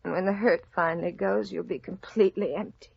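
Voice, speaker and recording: An actress playing a gentle, heartbroken young woman who speaks in a soft, earnest way, in 1940s radio acting on a dull old radio broadcast. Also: lowish voice, steady tone, a little fast, vocal fry, husky, dry recording, full character voice.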